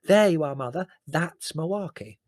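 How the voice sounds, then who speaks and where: A highly strung young woman, gushing and theatrical, with a bright high voice, as a male reader puts her on. The pitch leaps about, and the reading is dry and close. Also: lively intonation, measured pace, no room sound. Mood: eager. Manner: breathless, gushing outbursts.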